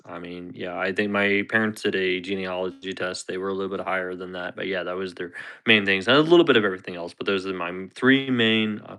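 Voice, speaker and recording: A man's voice: fairly low pitch, sharp tone, clear, resonant tone. A man chatting casually on a live stream, rambling and chuckling as he reads chat aloud.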